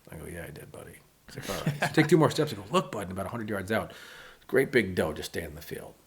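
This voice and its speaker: A man in his thirties, a podcast guest telling hunting stories in a casual, animated way. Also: sits low, very fast, slightly rough. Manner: animated, acts out quotes of others. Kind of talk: casual storytelling.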